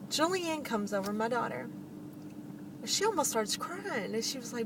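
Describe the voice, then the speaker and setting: Animated lady telling her own story, a bit far from the mic, faint traffic noise. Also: on the high side, moderate pace. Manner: animated, laughs often, addresses listeners directly. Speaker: vlogger. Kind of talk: personal storytelling.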